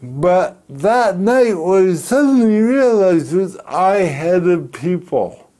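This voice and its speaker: A middle-aged man from Canada, telling a personal story in an interview, speaking slowly and deliberately with pauses. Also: high voice, sing-song, mellow. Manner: slow, deliberate speech with pauses and restarts. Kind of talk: reflective storytelling.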